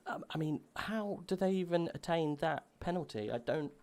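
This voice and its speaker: A man doing live commentary on an online sim racing event, chatty between races and excited once the cars go. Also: fairly high pitch, normal speed. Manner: chatty and relaxed before the start, louder and excited calling the race. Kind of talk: live esports race commentary.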